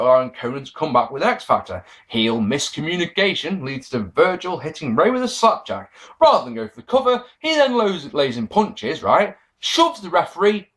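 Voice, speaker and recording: Sarcastic guy reviewing old wrestling, swears a lot, voice jumps all over the place, a bit high. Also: a bit bright. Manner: sarcastic, profane, mock-quoting people. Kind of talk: casual review monologue.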